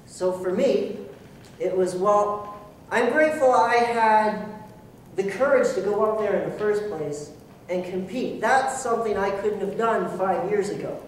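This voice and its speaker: Speaking at a slightly slow pace in a high-pitched voice, a man delivers an earnest motivational speech to a club audience, poking fun at himself and voicing his own inner thoughts. The recording is echoey and distant, with slight background noise.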